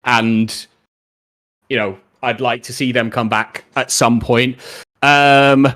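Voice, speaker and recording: A man's voice: medium pitch, fairly even intonation, slow pace, a bit bright. A young man streaming live, chatting casually about football and answering viewer questions in a rambling, opinionated way.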